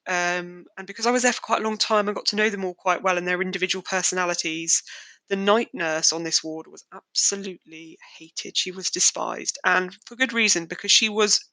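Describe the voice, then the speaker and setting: Woman, young adult, podcast monologue, candid, wry, bright tone. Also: mid-range voice, creaky, no echo, rough recording. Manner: candid, wry, darkly joking. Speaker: podcast host. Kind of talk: personal storytelling monologue.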